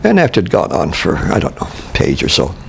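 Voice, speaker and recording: An older man from Canada looks back on his years on stage. He speaks in a deep, gravelly voice, stopping and restarting his sentences and chuckling as he remembers. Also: wildly swooping pitch, noisy background. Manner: halting, with many restarts and chuckles. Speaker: interviewee, veteran stage actor. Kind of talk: reminiscing interview.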